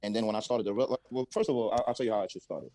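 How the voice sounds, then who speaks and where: A man's voice: on the low side, racing, mellow, slight background noise, low-quality recording. A man being interviewed as a rapper, laid-back and casual, often repeating words.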